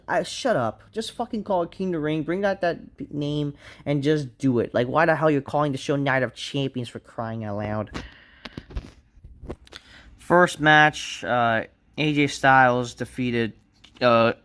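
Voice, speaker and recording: A man's voice: medium pitch, fairly bright tone, clean tone. Annoyed guy ranting about wrestling, swears a lot, rambles. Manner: frustrated, profane, rambling. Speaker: wrestling show reviewer. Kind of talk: casual ranting review.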